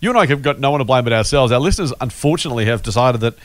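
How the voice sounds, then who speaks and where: A man's voice: medium pitch, animated, very fast, no echo. An Australian man hosting a podcast, chatting casually and jokingly, often laughing and teasing his co-host. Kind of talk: casual finance podcast chat.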